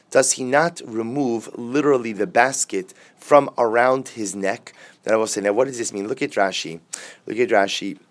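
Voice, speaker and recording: A man giving a Talmud class in a lively, conversational way, asking rhetorical questions and urging the listeners to listen. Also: mid-range voice. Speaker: Talmud teacher.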